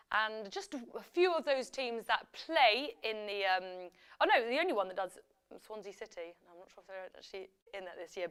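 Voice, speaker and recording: A woman hosts a live quiz show in a chatty, upbeat manner, reading questions and percentages with plenty of ad-libbed asides. Her voice sits slightly high and sounds smooth and clear. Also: a bit bright. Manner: chatty, upbeat, ad-libbing with frequent fillers and self-corrections. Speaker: quiz host.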